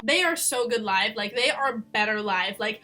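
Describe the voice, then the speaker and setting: A young woman vlogger telling an excited, gushing story in casual talk, often breaking into squeals. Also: a little high, normal speed, loud music behind the voice. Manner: excitable, gushing fangirl talk, bursts into screams.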